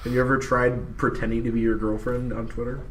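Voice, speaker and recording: A man's voice: mid-range voice, level tone, fast talker, reverberant, distant mic, slight background noise, poor audio. A man from Wisconsin interviewing a player in a casual, playful way. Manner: playful, laughs loudly. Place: busy gaming event.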